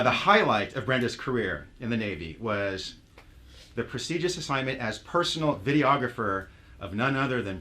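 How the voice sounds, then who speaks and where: A man's voice: mid-range voice, sharp tone. A man hosting a veterans' theater night, casual and teasing as he introduces performers. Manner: joking, teasing, emotional. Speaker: host. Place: theater stage with a live audience.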